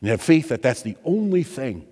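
A man preaching a sermon, stressing his points by repeating phrases and moving from loud urgency to hushed tones. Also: mid-range voice, sing-song, moderate pace, slightly rough, long reverb tail.

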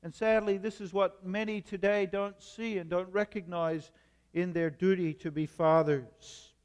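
A man's voice: high voice, steady tone, clear, resonant tone. Man preaching in a reverberant church. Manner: measured preaching with emphatic repetition. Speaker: pastor. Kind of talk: sermon.

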